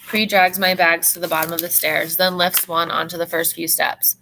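Woman teacher; reads a novel aloud in steady, expressive first person; lower-set voice with a bright, sharp tone. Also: moderate pace, hardly any pauses, a little hiss or hum.

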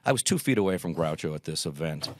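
Deep-voiced man telling animated stories. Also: fast talker, dry recording, clean studio sound. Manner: animated anecdotes with acted quotes. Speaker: guest, Groucho performer. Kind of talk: storytelling interview.

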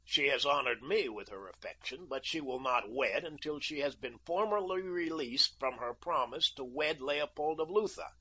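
A man's voice: medium pitch, expressive, moderate pace, few pauses, pushed and bright, slightly rough. A man voicing a brash, self-assured young American who bargains coolly and mocks, on a dull lo-fi recording. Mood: firm, cool. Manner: cool, bargaining and mocking. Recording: dull lo-fi audio.

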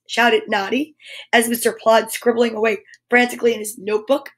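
A woman hosting a children's show, reading a storybook aloud with animated narration and whispered asides. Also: on the high side, moderate pace. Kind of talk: storybook read-aloud for kids.

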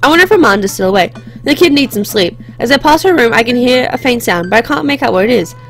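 A woman's voice: fairly high pitch, animated, quick pace, fairly bright tone, soft background music. A young woman hosting a let's play, reading a visual novel aloud with chatty, reflective asides.

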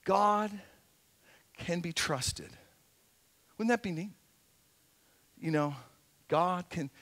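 A middle-aged man preaching as a pastor in a church, earnest and conversational, swinging between emphatic points and quiet asides. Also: sits high, drawn-out words, pauses often. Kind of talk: sermon. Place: church sanctuary.

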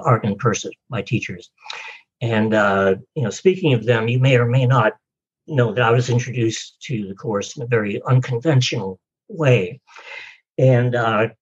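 Guest author, male, husky and easygoing, slightly muffled recording. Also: mid-range voice. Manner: relaxed storytelling, frequent uh fillers. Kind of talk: podcast interview.

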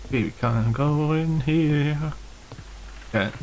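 Nervous gravelly man streaming a horror game. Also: a little high, big pitch swings, slow, long pauses. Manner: nervous, calling out to ghosts, chatty. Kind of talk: horror game let's play. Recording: noisy stream audio.

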